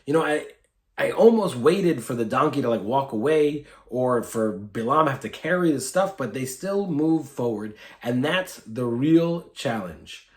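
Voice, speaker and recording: A man giving a brief weekly sermon, retelling a story in a lively, informal way with fillers, recorded in an echoey room. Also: mid-range voice, unhurried. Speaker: clergy giving a weekly Torah talk. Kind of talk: short sermon, conversational storytelling.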